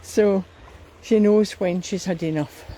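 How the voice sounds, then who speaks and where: A woman with a Scottish accent chatting while out walking in a riverside park, unhurried and a little out of breath. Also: medium pitch, warm tone, a little hiss or hum, rough recording. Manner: chatty, unhurried, talks to her dogs. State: slightly out of breath. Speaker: vlogger. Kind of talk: casual walking commentary.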